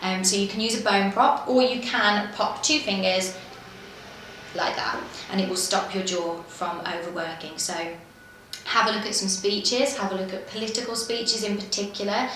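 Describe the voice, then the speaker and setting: A woman elocution tutor explaining techniques with clear, careful diction. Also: medium pitch, normal speed, fairly bright tone, slight background noise. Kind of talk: instructional explainer video. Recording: very echoey room.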